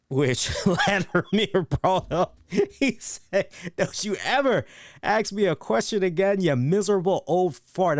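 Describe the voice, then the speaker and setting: A man's voice: medium pitch, clear, resonant tone, no room sound, clean studio sound. A man hosting a casual solo wrestling review, rambling enthusiastically, repeating words and acting out quotes.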